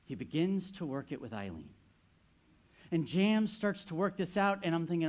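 A man's voice: a little high, very animated, moderate pace. A man in his thirties, a pastor giving a sermon, telling a story with playful asides to the congregation.

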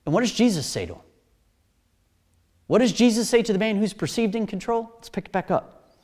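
Animated preacher with a lively voice. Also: medium pitch, brisk. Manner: animated, swings from loud emphasis to hushed whispers. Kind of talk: sermon.

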